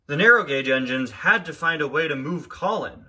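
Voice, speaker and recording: Bright, jokey male narrator. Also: fairly high pitch, lively intonation, normal speed. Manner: offhand, jokey. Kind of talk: casual parody storytelling.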